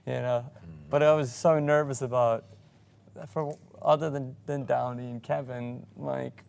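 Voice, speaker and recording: An actor on a cast panel, telling a self-deprecating story with a laugh. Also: male voice, medium pitch, flat delivery, a little slow, vocal fry, a little mellow, smooth. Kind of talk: casual anecdote telling.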